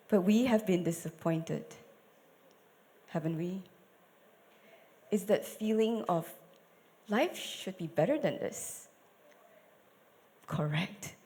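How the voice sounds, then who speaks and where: Slow, dramatic woman preacher. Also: mid-range voice, a bit bright, big-room sound. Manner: dramatic, asks the audience questions. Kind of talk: storytelling sermon. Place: church.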